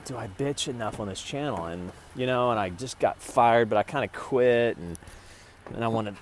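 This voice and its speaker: A man's voice: medium pitch, normal speed, a little hiss or hum. Rambling, profane man vlogging to his phone. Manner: rambling, profane, talks to camera in bursts. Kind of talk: rambling casual vlog. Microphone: phone camera.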